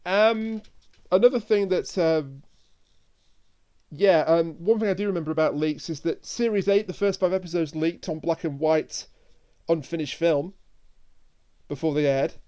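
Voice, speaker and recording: A man co-hosting a podcast, chatting casually and adding wry, quick asides. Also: fairly high pitch, mellow, smooth. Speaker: podcast co-host. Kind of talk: casual chat.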